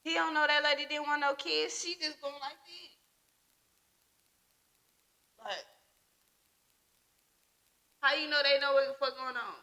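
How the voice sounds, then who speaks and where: Young woman, high voice, casual podcast chat, emphatic, profane. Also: fairly even intonation, measured pace, long pauses, sharp tone. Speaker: podcast co-host.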